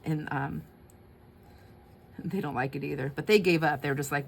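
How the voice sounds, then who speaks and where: A woman with a low-pitched voice hosts a relaxed crafting session, talking warmly to her audience. She laughs easily and mutters little asides to herself as she works. A faint background hiss sits under the recording. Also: moderate pace, pauses often. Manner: chatty, laughs often, talks to herself while working. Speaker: craft channel host. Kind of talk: casual crafting chat to viewers.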